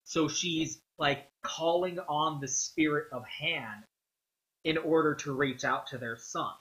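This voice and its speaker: A man's voice: fairly high pitch, takes it slowly, a bit bright, low-quality recording. A man ranting casually about a movie, rambling and profane, with many fillers and strong opinions. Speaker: vlogger.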